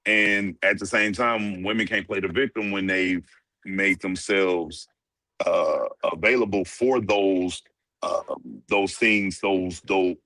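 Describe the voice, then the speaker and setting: A man with a fairly low but bright, forceful voice, making his points in loose, casual sports banter. He talks emphatically and stumbles over repeated words as he gets going. The sound is dry, with little room echo. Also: steady tone, takes it slowly. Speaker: podcast co-host.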